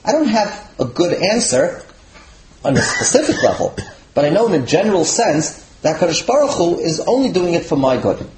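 A man, a rabbi, teaching a Torah class to students with animated delivery, his voice leaping when he voices quoted sages. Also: a little high, normal speed, reverberant, a little hiss or hum, rough recording.

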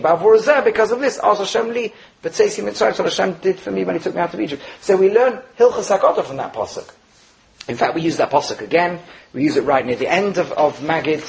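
A man's voice: high-pitched, creaky, low-quality recording. A man teaching a Torah class, asking rhetorical questions and weaving Hebrew phrases into his English explanation. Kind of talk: Torah lecture on the Haggadah.

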